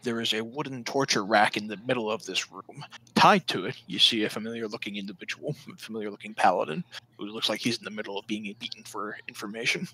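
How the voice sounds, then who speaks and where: A man's voice: lowish voice, fast, bright, forceful tone, breathy edge, rough recording. A man narrating a tabletop role-playing game as dungeon master, describing scenes and calling turns.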